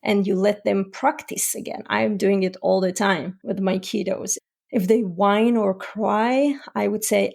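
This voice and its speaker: A woman hosting a solo parenting podcast as a parent coach, explaining calmly with everyday examples. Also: medium pitch, unhurried, gravelly. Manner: calm, explanatory, gives examples.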